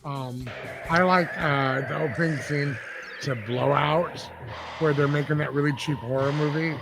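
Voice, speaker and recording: A man's voice: a little high, a little slow, vocal fry, music in the background. A man, chatting as a podcast guest in a rambling, laid-back way, laughing often. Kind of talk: casual chat.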